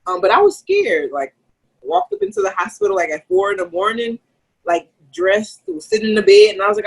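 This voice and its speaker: A young woman with a husky voice, casual and frank, talking in a conversational podcast. Her pitch swings widely as she tells her story, peppered with "like" and blunt swearing. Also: very animated, a little fast, low-quality recording. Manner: swears freely, many "like" fillers. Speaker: podcast co-host. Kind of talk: candid storytelling chat.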